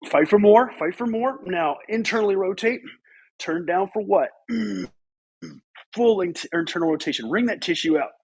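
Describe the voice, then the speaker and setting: Guy leading a joint workout, kinda husky, higher voice, pushy repeat cues. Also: normal speed. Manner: energetic, repetitive coaching cues. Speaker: fitness coach. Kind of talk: guided exercise instruction.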